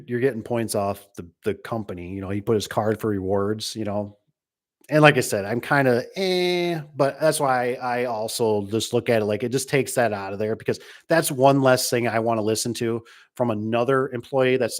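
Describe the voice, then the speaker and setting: A man, mid-pitched, chatting casually about his work. He rambles from story to story. He acts out what other people said. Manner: rambling, storytelling with acted-out quotes. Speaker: garage door business owner. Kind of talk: casual chat.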